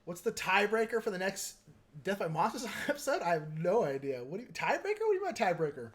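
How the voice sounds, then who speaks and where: A man's voice: high-pitched, sing-song, fast, fairly bright tone. A man hosting a live stream, chatting casually and meandering while he explains his painting technique and answers viewers.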